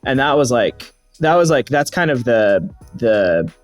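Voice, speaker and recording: A man hosting a podcast interview, talking in a relaxed, slightly hesitant way. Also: medium pitch, measured pace, soft background music. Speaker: podcast host. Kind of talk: casual interview chat.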